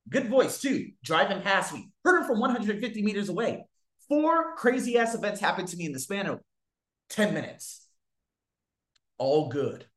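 A man telling stories to his viewers in a casual monologue, swearing freely and swinging widely in pitch and loudness. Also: normal speed. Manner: profane, animated, big swings in pitch and loudness. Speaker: vlogger. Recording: echoey room.

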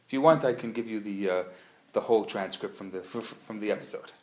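A man teaching a live class, an animated, playful storyteller who acts out the dialogue. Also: fairly low pitch, quick pace. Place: classroom at a community center. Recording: roomy live room sound.

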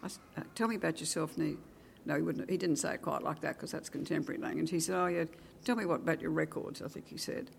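An older woman with an Australian accent, a retired teacher, recounting her career with lively acted-out dialogue and wry asides. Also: deep voice, quick pace, gravelly, slight background noise. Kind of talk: oral history reminiscence.

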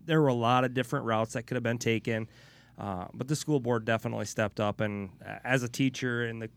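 A man's voice: medium pitch, steady tone, quick pace, creaky, slight background noise. A man hosting a casual podcast, friendly and appreciative, laughing easily. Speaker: podcast host, teacher.

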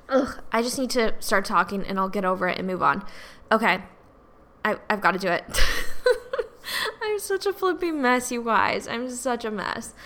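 A young woman in her twenties hosts a casual solo podcast, her bright, crisp voice rambling along with plenty of "like" fillers. She sounds tearful, as if she has been crying. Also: a little high. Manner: rambling, chatty, many "like" fillers. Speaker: podcast host.

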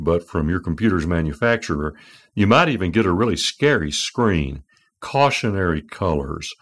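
Middle-aged man, podcast host, very low voice, dry self-mocking humor. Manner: wry, self-deprecating humor. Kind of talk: humorous devotional storytelling.

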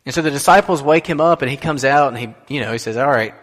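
A man's voice: on the high side, fast talker, fairly bright tone. A man giving a sermon as pastor, in a conversational way that puts questions to the listeners. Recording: long hall reverb.

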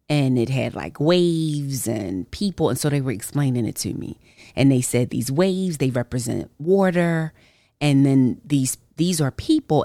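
A woman hosting a podcast and sharing a personal faith testimony in casual, colloquial speech, animated as she acts out her own reactions. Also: very deep voice, no room sound, studio quality. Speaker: podcast host.

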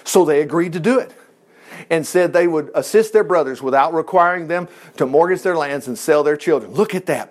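A male preacher delivers a sermon with a fairly high voice that swings widely up and down. He retells scripture in a folksy, animated manner, dropping casual asides to the congregation. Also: fairly quick.

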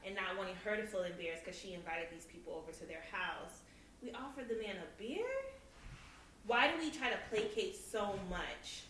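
A married woman co-hosting a podcast, chatting casually and telling an animated story, laughing as she goes. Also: medium pitch, moderate pace, slight background noise. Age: adult, married. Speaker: podcast co-host. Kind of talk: casual chat. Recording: echoey room, mic at a distance.

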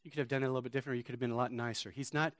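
A man preaching a sermon as a pastor, moving between loud, shouted passages and quiet storytelling. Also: medium pitch, steady tone, very fast, dry recording, clean studio sound.

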